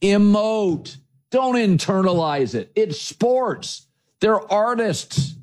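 A man's voice: high-pitched, expressive, slow. A middle-aged man hosting a sports talk show, delivering an emphatic, opinionated monologue in punchy lists.

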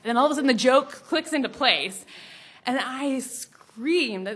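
A young adult woman telling a personal story, animated, laughing often and acting out the people in it. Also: a little high, measured pace, a little hiss or hum. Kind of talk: personal story told to an audience.

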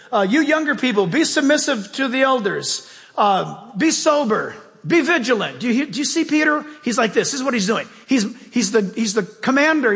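A man's voice: extremely high pitch, a bit bright. A man pastor preaching a sermon in a church, emphatic and conversational with folksy asides. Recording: long reverb of a large hall.

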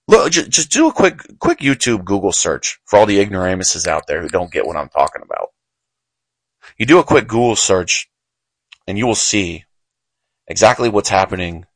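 A man's voice: deep voice, fairly bright tone, no echo, low-quality recording. A man hosting a show, giving heated, emphatic political commentary with frequent repetition. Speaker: show host.

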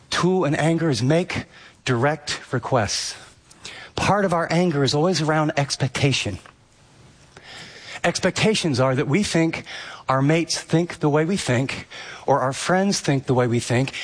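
A man preaching with lively energy and a fairly high-pitched voice. He builds to emphatic, punchy peaks and then drops soft and quiet when he voices quoted lines, like a pastor addressing his congregation. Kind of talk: sermon.

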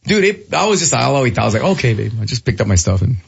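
A man in his thirties hosting a show, telling a story in casual chat, animated and laughing, jumping into a high squeal when he quotes people. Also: fast, creaky, dull audio, slight background noise. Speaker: radio show host.

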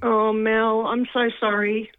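A woman's voice: a little high, little pitch movement, takes it slowly, narrow, tinny audio, very noisy. A woman, calling in to a radio show, friendly and chatty. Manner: friendly, self-described word nerd. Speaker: caller.

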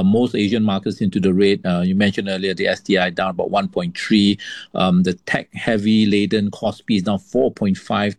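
A man appearing as a radio guest who talks about the markets in a measured way, with many fillers. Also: on the low side, a little mellow, no echo. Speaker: wealth management guest.

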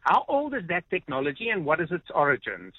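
A man's voice: on the high side, wildly swooping pitch, a little fast, slightly rough, no room sound. A man calling a radio show, hesitant with many ums. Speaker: caller. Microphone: phone line. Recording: muffled phone line.

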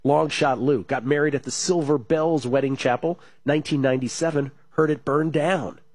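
A man hosting a sports betting radio show, talking fast and animated, reading listener messages aloud in a studio. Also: a little high, breathy edge, no echo. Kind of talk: casual radio talk.

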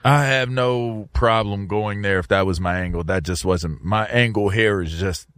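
A man's voice: on the low side, moderate pace, fairly bright tone, clear, resonant tone, no echo, clean studio sound. A man co-hosting a casual talk show, arguing his point with frequent restarts and repeated words. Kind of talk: casual debate chat.

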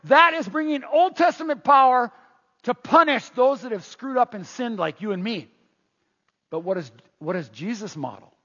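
Male preacher, high voice, animated storyteller who stammers restarts; dull, muffled recording. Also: normal speed, husky. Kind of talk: sermon. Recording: muffled, long hall reverb.

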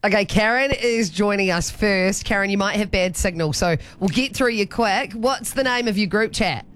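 A woman with a New Zealand accent hosting a casual radio chat, bubbly and quick to laugh. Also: mid-range voice, a bit bright, clean tone. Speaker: radio host. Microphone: studio microphone.

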